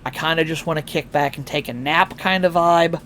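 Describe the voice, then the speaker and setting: A man's voice: on the high side, normal speed, pushed and bright, slight background noise. A tired man chatting casually on a live stream through a headset, rambling with fillers and restarts. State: tired, yawning.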